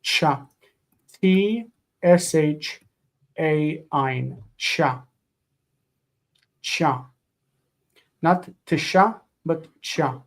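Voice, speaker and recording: A man teaching a live online grammar lesson, explaining patiently and slowing down to spell out forms. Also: fairly high pitch.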